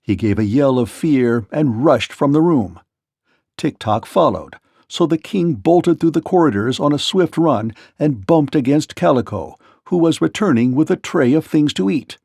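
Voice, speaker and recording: A man narrates a children's storybook in a steady, expressive reading voice. His tone carries a gravelly rasp, and the recording is close and dry with no room sound. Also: fairly high pitch, moderate pace, no room sound. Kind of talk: storybook read-aloud.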